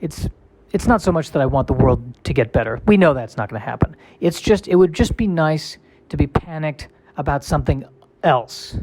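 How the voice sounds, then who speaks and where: A man's voice: a little high, lively intonation, moderate pace, few pauses, darkish tone, husky, dry recording. A male comedian in a casual solo monologue, rambling and self-deprecating with a wry tone.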